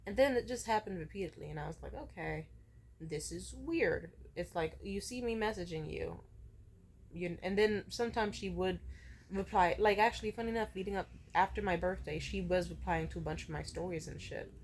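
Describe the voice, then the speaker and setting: A woman's voice: mid-range voice, fairly quick, a little hiss or hum. A woman in her twenties telling a personal story in a casual vlog, emotional and profane as she rants. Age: 20s. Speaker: vlogger.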